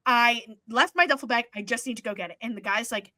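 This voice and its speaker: A young woman co-hosting a podcast animatedly tells a story, playing out what people said and swearing freely. She talks at a quick pace with few pauses in a fairly high voice, recorded dry.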